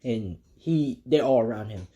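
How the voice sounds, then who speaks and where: A man's voice: medium pitch, expressive, a little slow, dark tone, lo-fi sound. A man casually retelling a fan story, rambling with many fillers and restarts.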